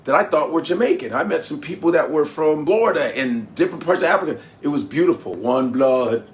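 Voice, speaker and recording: A man comedian telling a lively travel story in an animated stand-up style, from Nigeria, boisterous and prone to jumping high in pitch for emphasis. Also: quick pace.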